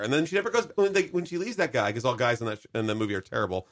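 A man's voice: medium pitch, rapid-fire, few pauses, a bit bright. A man co-hosting a radio chat, blunt and profane as he rants. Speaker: radio show co-host. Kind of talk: casual chat.

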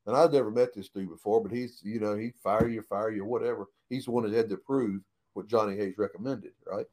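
A man's voice: lowish voice, fairly even intonation, brisk, a little mellow. A man telling old racing stories in a casual interview, folksy and plain-spoken, swearing freely and tagging "right?" onto his sentences. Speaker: guest, retired race car driver.

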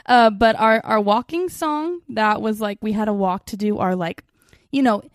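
A woman's voice: mid-range voice, normal speed, no room sound, clean studio sound. A young woman from Washington state co-hosting a podcast, chatting in a bubbly, jokey, rambling way with lots of fillers. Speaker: podcast co-host. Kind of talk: casual chat.

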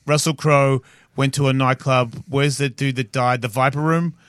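A man's voice: mid-range voice, fairly even intonation, normal speed, a bit bright, no room sound. A man in his forties with an Australian accent, a podcast guest telling rambling stories in a blunt, profane way. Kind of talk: casual chat.

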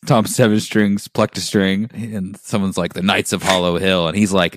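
Deep-voiced man, casual podcast chat. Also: moderate pace, few pauses, no echo. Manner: animated, jokey, reads quotes with gusto. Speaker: podcast co-host. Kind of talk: casual book-discussion chat.

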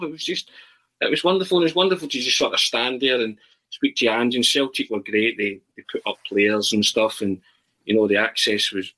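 A man tells anecdotes in a lively, tumbling way, circling back and restarting his sentences. His voice is husky and pushes forward with a bright, forceful edge. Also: mid-range voice, rough recording. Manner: animated storyteller, frequent restarts. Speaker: guest. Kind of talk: casual chat.

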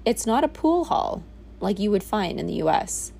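Candid woman musing, gravelly low voice. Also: big pitch swings, moderate pace, dark tone. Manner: rambling, candid, with frequent "like" and swearing. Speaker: vlogger. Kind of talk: reflective casual monologue. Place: on a boat in a small village.

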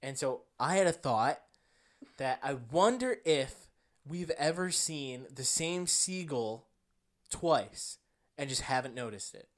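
Podcast co-host, male, New Jersey accent, deadpan storyteller who breaks into laughs, mid-range voice. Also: medium pitch, slow. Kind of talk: casual chat, reading a story aloud.

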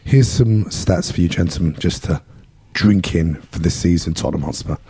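A man with a London English accent hosts a casual podcast, his voice hoarse and rough after losing it. He sounds dark and mellow, recorded close and dry. He is self-deprecating and laughs easily. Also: sits low, moderate pace, dry recording. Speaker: podcast host.

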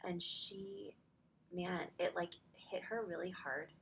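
A woman's voice: lowish voice, fairly even intonation, slow, gravelly, pushed and bright, slight background noise. A woman in her thirties telling a personal story in a faith podcast conversation, chatty and full of "like", close to tears at times. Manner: chatty, fills speech with "like". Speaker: podcast guest.

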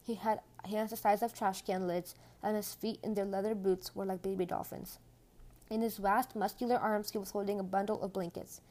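A woman reading a children's storybook aloud in a gentle, hushed manner. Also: medium pitch, steady tone, normal speed. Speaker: audiobook reader. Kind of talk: storybook narration.

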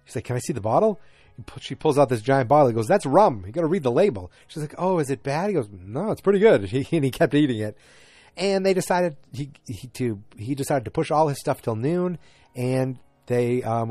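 A man of middle pitch talks through a TV episode in a loose, rambling way, stopping for ums and correcting himself as he goes. Now and then he flares into mock anger before settling back. The sound is dry and close, with no room echo. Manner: chatty, rambling, with frequent ums and self-corrections; animated outbursts of mock anger. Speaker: TV episode recapper. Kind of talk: casual episode recap.

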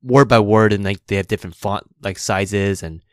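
A podcast co-host with a fairly low voice chats casually at a moderate pace, rambling with lots of fillers and laughing often. The recording is dry with clean studio sound.

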